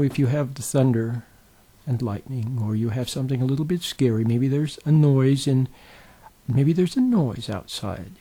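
A man giving an informal spiritual talk in a gentle, folksy storytelling way, often checking in with the listener. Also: medium pitch, slightly rough. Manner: folksy storytelling with many fillers and restarts. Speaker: spiritual teacher.

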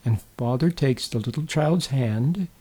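A man giving an informal spiritual talk in a gentle, folksy storytelling way, often checking in with the listener. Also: medium pitch, unhurried, husky. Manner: folksy storytelling with many fillers and restarts. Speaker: spiritual teacher.

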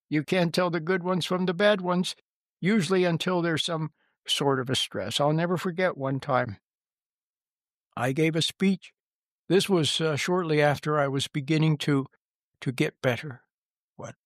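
Male spiritual teacher, fairly high gravelly voice, reflective storytelling delivery. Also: no room sound, clean studio sound. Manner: unhurried, storytelling, reflective with small chuckles. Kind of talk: informal spiritual talk.

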